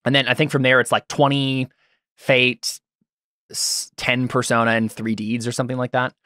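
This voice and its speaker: A man's voice: medium pitch, little pitch movement, moderate pace, pushed and bright, no room sound. A man running a tabletop game, his voice dry and close to the microphone with no room sound. He walks a player through the rules patiently, full of ums and restarts. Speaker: game master.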